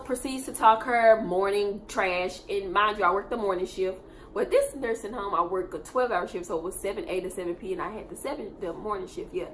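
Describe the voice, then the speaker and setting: A young woman, telling a work story in a casual storytime monologue and swinging between low mutters and loud, profane outbursts. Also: fairly quick.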